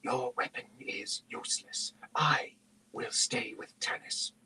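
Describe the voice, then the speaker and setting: A man voicing a secretive young male mage in whispered role-play, speaking in a soft, unvoiced whisper. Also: mid-range voice, slow, lightly acted. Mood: cold.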